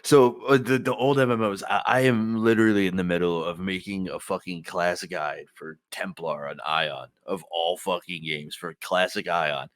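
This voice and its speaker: A man's voice: sits low, fairly even intonation, moderate pace, hardly any pauses, no room sound. A young man co-hosting a podcast, explaining online games in a casual, profane way. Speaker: podcast co-host. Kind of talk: casual gaming chat.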